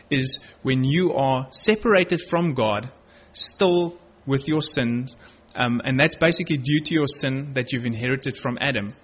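A man's voice: mid-range voice, a bit bright, husky. A man preaching a sermon, reading Bible verses aloud and earnestly stressing key words. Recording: dull lo-fi recording.

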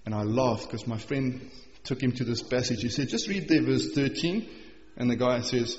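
A man preaching a morning sermon, reading scripture slowly and with emphasis, then explaining it in an earnest, conversational way. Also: medium pitch, a little hiss or hum. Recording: echoey hall, dull sound.

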